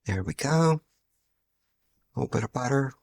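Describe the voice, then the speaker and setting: A man's voice: mid-range voice, animated, moderate pace, vocal fry, darkish tone. A middle-aged man with a Southern US accent, chatting his way through a casual cooking demonstration in a folksy, homey manner. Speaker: cooking channel host.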